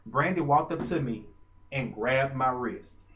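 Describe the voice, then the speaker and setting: Animated man telling a story. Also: mid-range voice, a little hiss or hum. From Arkansas. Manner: animated, gushing retelling with dramatic pauses. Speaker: vlogger and fan. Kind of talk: casual storytelling.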